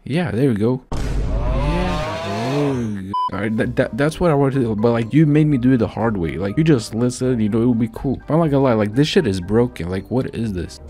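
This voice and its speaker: A man's voice: mid-range voice, animated, fast talker, mellow, faint music behind. A man giving rambling, casual gameplay commentary, full of slang and swearing. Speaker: gaming video creator.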